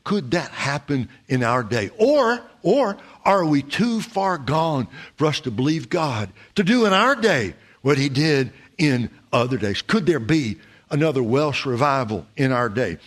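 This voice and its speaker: A male pastor giving a measured, emphatic sermon full of rhetorical questions. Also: medium pitch.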